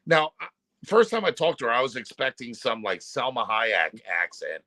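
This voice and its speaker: A man's voice: mid-range voice, lively intonation, moderate pace, pushed and bright. A middle-aged man hosting a casual chat show, rambling through stories and dropping "man" and "dude" as he talks. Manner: laid-back, rambling, says "man" and "dude" a lot. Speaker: show host.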